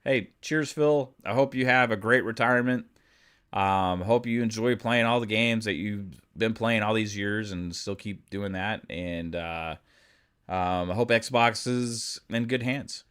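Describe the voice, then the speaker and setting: A man's voice: lowish voice, a little slow, fairly bright tone, clean tone. A man hosting a podcast, giving casual commentary and thinking aloud as he reads the news. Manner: conversational, thinks aloud while reading news. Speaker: podcast host.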